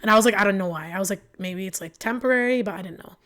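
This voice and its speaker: A young woman, a podcast guest, telling a personal story with lots of fillers and quoted back-and-forth, emotional and animated. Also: mid-range voice, rapid-fire. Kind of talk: candid storytelling.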